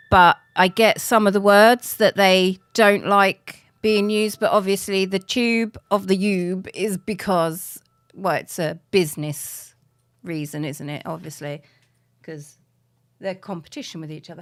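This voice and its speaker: A middle-aged British woman streaming a game, chatting casually and self-mockingly, laughing often and counting softly under her breath. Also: medium pitch, fairly even intonation, unhurried, no echo. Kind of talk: casual live-stream chat while playing.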